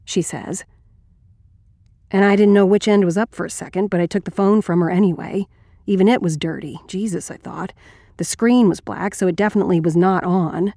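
A woman's voice: mid-range voice, steady tone, moderate pace, mellow, no echo, clean studio sound, natural voice. A woman reading an audiobook as a blunt, wry, crude male ex-Marine narrator.

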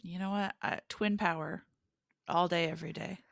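A woman co-hosting a casual wrestling podcast, playful and jokey, quick to laugh. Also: fairly low pitch, fairly even intonation, gravelly, no echo, clean studio sound. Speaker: podcast co-host.

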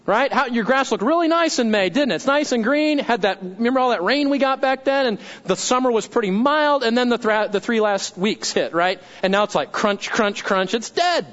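A man's voice: extremely high pitch, animated, fairly quick, few pauses, a bit bright, dull audio. A pastor delivering a sermon, emphatic and repeating key phrases as he quotes scripture.

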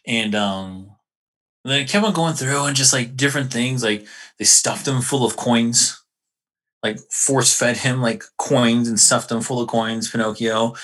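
Animated, bright-voiced male podcast co-host. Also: mid-range voice. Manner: animated storytelling, heavy slang and swearing. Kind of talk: casual chat.

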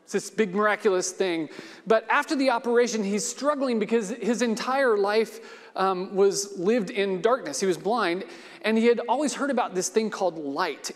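High-voiced man speaking in a reverberant hall. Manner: conversational, with fillers and restarts. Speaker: speaker addressing a gathering. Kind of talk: casual talk leading into a story reading.

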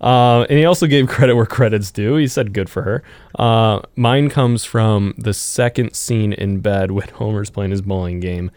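A man's voice: lowish voice, moderate pace, darkish tone, no room sound. A man co-hosting a podcast who rambles with laughs in casual chat. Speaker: podcast co-host.

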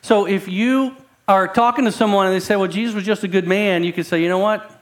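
A pastor preaching a sermon in a conversational way, repeating words and building emphasis. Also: male voice, sits high, steady tone, fairly quick.

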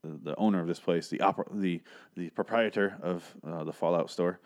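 A man's voice: sits low, fairly even intonation, fairly quick, darkish tone. A man casually recapping a TV episode, rambling with profane, sarcastic asides. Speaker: show recap host.

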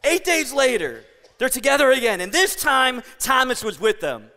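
A male pastor delivering a sermon in a chatty, animated way, leaning into stories. His voice is high and bright. The church hall gives it a long, ringing reverb. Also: moderate pace. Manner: conversational, animated storytelling.

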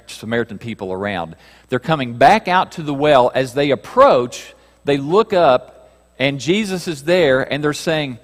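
A man preaching a sermon, reading scripture aloud and moving between raised passages and hushed ones. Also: medium pitch. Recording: reverberant hall.

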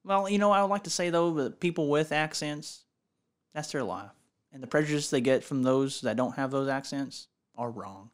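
A man playing a loud, excitable radio game show host in an improvised comedy sketch. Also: on the high side, normal speed, lightly acted. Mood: showy. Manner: yelling, hammy announcer delivery.

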